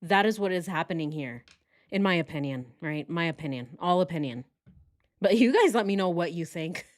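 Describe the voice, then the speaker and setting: A woman's voice: on the low side, expressive, normal speed. A woman hosting true crime commentary, talking sarcastically and speaking straight to her viewers. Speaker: host.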